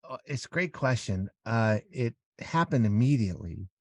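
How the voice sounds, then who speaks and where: A man in his forties, an interview guest, candidly recounting a hard period of his life with many halting restarts. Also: mid-range voice, expressive, no echo. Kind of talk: candid conversational storytelling.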